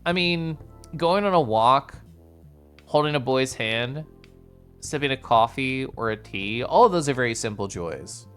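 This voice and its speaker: A man streaming a casual chat with viewers, with playful sing-song intonation and drawn-out syllables, sometimes sinking into soft, quiet murmurs. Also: medium pitch, animated, smooth, faint music behind. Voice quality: comfy, distinctive voice. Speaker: livestreamer.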